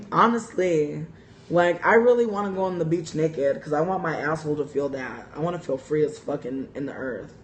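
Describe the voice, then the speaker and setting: A young woman hosting a casual livestream, telling profane, animated stories full of "like" and laughter while reading viewer comments. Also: low-pitched, moderate pace, a little hiss or hum.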